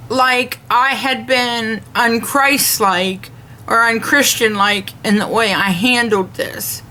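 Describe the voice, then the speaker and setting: A woman talks straight to camera in an earnest, devout way, airing a complaint. She speaks slowly and deliberately in a somewhat high, bright voice. A faint background hum runs under her words. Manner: earnest, measured, retells dialogue in detail. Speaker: vlogger.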